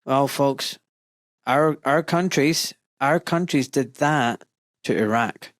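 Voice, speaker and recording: A man's voice: mid-range voice, slow pace, dry recording. A man hosting a podcast interview, talking with passion and building rhetorical arguments. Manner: impassioned, rhetorical, mimics voices of others. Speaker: podcast host.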